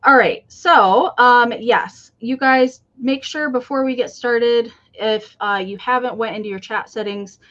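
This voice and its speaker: Chatty higher-voiced woman hosting a live sale. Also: unhurried, few pauses, fairly bright tone, highs cut off. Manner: chatty, greets viewers one by one. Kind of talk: casual livestream chat.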